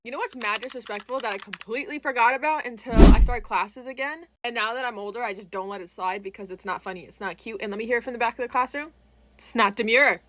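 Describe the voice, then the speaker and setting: A woman in her twenties telling stories to camera in a casual, animated way, often breaking into laughter and using slang. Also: on the high side, fast talker, background noise. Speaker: storytime vlogger. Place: New York City.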